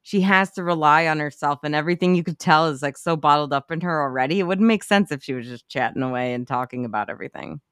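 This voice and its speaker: Podcast co-host, mid-range voice, animated and profane, dry sound. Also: medium pitch, quick pace, few pauses, clean tone, no room sound. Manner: animated, swears freely, acts out reactions. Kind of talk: casual movie chat.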